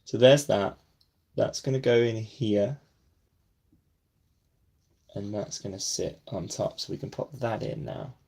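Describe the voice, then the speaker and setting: A man's voice: lowish voice, a little slow, creaky, pauses often, a little mellow, slightly rough. A man giving casual running commentary as he builds, talking to himself and at times dropping to a near whisper. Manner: self-deprecating, talks to himself while building; drops to a near whisper while concentrating. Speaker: brick-building vlogger.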